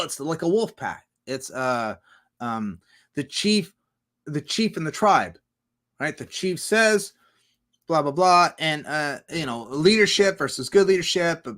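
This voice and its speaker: A man's voice: a little high, a bit bright. A man rambling through a livestream monologue, swearing a lot and firing off rhetorical questions. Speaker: streamer.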